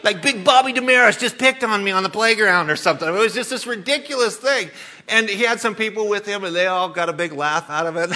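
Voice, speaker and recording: A man preaches to his congregation with a bright, forceful tone. His voice sits a little high for a man. He tells stories and laughs often as he talks. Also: expressive, fairly quick. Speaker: pastor. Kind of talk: sermon.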